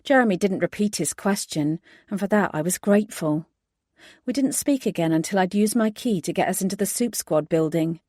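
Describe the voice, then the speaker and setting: A woman reading a first-person audiobook in a steady, measured voice. She lands the heroine's lines with clear emphasis. The sound is dry and close, with no room echo. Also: mid-range voice. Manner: measured narration with emphatic dialogue. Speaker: audiobook narrator.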